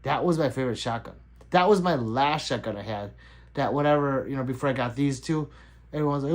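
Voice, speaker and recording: A middle-aged man hosts a casual livestream in a mid-range voice, speaking a little fast with big swings in pitch. He's loose and chatty, laughing easily as he reads out his chat and answers messages as they arrive.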